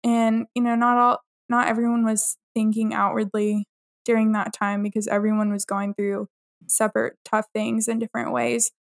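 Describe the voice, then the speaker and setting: A woman's voice: on the high side, flat delivery, normal speed. A young woman in casual podcast chat, easygoing and full of fillers.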